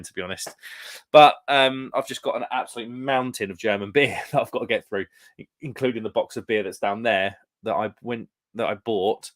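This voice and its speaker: Young British man, rambling live stream host, casual beer-chat delivery. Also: mid-range voice. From United Kingdom. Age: young adult. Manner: rambling, chatty, lots of fillers and restarts.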